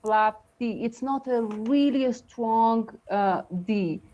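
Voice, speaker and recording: Slow-talking woman teaching pronunciation. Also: fairly high pitch, warm tone, lo-fi sound. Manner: chatty, encouraging, many fillers and laughs. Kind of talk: live online English lesson.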